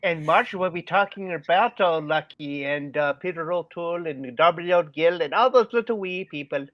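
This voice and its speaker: A man co-hosting a podcast, relaxed and joking, who talks with hesitant pauses. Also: on the high side, dry recording. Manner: relaxed, hesitant with fillers, jokes with accents. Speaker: podcast co-host. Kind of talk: casual podcast chat. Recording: dull dry lo-fi sound.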